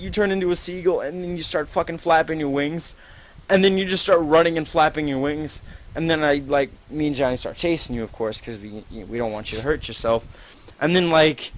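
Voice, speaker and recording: A man's voice: fairly high pitch, moderate pace, rough recording. A man improvising a rambling, profane, gleefully gross story to a friend, full of "like"s.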